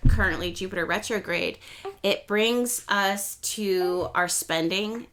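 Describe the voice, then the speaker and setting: A young woman hosting an astrology channel, talking casually and rambling a little as she explains the week's transits. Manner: chatty, rambling, self-correcting; speeds up and rises in pitch when excited. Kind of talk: casual astrology talk to camera.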